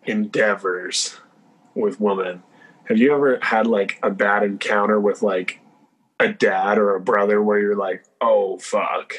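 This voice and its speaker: Husky low-voiced man. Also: steady tone, measured pace, poor audio. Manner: short interjections, asks questions. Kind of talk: casual chat.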